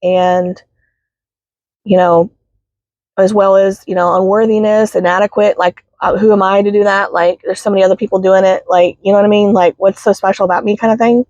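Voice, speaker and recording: A woman, teary and sniffling, talking haltingly in a heartfelt vlog from her parked car. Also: medium pitch, flat delivery, a little mellow, no echo. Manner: halting, many fillers and apologies. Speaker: spiritual healing vlogger. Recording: dull, dry sound inside a car.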